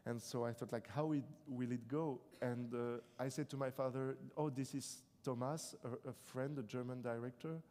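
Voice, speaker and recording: A man's voice: medium pitch, steady tone, dark tone. Young French man speaking in a reverberant hall. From France. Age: 20s. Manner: reflective, halting, with many restarts. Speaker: author being interviewed. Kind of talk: live stage interview. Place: debate hall on stage.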